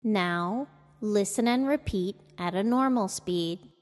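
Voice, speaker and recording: A woman teaching English intonation in a scripted podcast lesson, speaking with slow, careful deliberation. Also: medium pitch, a little mellow, long reverb tail.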